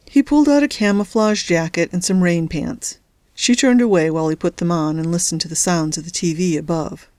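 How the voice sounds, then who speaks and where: A woman's voice: fairly low pitch, a little fast, darkish tone, no room sound. A woman hosting a story podcast, reading narration and adding casual, wry comments.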